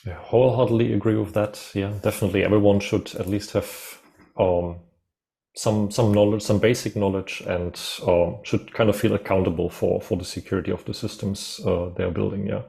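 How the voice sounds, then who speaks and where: A man's voice: lowish voice, steady tone, normal speed, vocal fry, warm tone. A man hosting a podcast interview, agreeing and framing questions with hesitant restarts. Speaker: podcast host.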